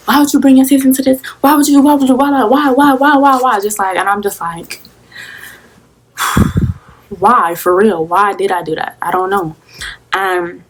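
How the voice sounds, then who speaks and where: Profane young woman telling a story. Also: medium pitch. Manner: rambling, profane, fillers like "whatever". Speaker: vlogger. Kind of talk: casual storytime.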